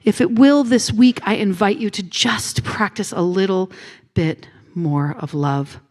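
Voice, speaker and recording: A woman minister giving a gentle, intimate sermon on a handheld mic in a church, with soft hushed phrases. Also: medium pitch, a little slow. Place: church sanctuary.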